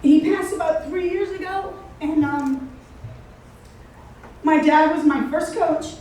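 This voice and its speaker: A woman's voice: high-pitched, slow, mellow, a little hiss or hum. Emotional woman speaking in an echoey hall. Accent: Cincinnati, Ohio. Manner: heartfelt, storytelling, voice catching with emotion. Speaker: hall of fame inductee giving a speech. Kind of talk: emotional acceptance speech. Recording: very echoey hall, mic far off.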